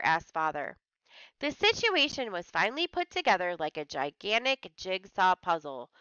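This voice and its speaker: Bright, lively woman teacher reading aloud. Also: fairly low pitch, smooth, no room sound, dull audio. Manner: pauses reading to paraphrase hard words in simple terms. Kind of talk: reading a story aloud to a class and explaining words.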